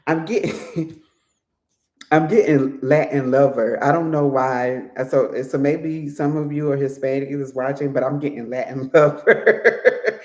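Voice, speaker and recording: During a casual reading, a chatty tarot reader laughs easily and often slips into little acted-out voices. The voice is mid-range, steady, and darkish in tone. The recording has a roomy echo.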